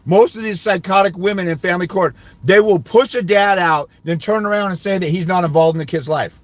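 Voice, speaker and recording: A man's voice: high voice, a little fast, dry recording. A man giving fathers' rights custody advice, ranting indignantly during a livestream while answering comments.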